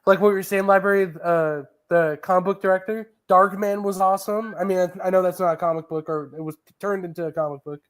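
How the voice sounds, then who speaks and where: A man with a fairly high voice talks movies in loose, casual chat. He rambles with excitement, stacking fillers and restarting his sentences as he goes. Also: fast, hardly any pauses. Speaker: podcast co-host.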